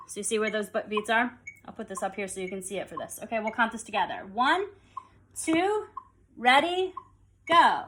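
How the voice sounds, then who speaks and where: A woman's voice: fairly high pitch, fairly bright tone. A woman teaching a music rhythm lesson, explaining step by step and counting beats aloud.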